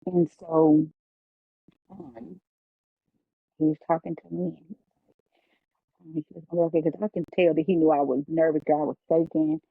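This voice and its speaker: A woman's voice: sits low, steady tone, a little slow, gravelly, pauses often, slightly rough, no echo. A woman as a podcast guest, telling an emotional personal testimony in a heartfelt, preacherly way. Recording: phone-like, dry.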